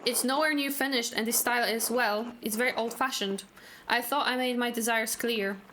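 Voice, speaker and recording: A woman's voice: on the high side, steady tone, moderate pace, pushed and bright, a little hiss or hum. A woman voicing a demanding male nobleman patron in a game, speaking with lordly disappointment. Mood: aggrieved. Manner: lordly, aggrieved.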